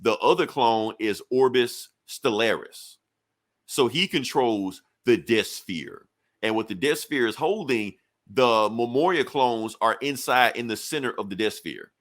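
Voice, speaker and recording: A man casually reviewing a comic book, animated and acting out scenes with quick voices. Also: mid-range voice.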